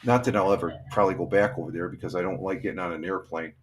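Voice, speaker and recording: An older man from upstate New York hosts a live stream, chatting casually and reading viewer comments in a rambling, halting manner. His voice is low-pitched and steady.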